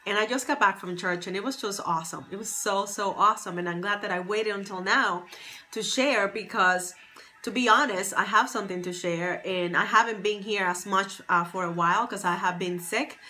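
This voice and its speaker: Woman, casual live-stream host, bright tone, chatty and upbeat, welcomes viewers by name. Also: mid-range voice, normal speed. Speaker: livestream host, fashion stylist and confidence coach. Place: at home near Boston. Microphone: phone.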